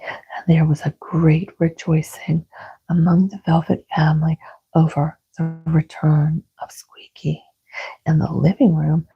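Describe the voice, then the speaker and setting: Slow whispering woman storyteller. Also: sits low, gravelly, breathy edge. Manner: soft, soothing. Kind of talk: whispered bedtime reading. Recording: dull lo-fi sound.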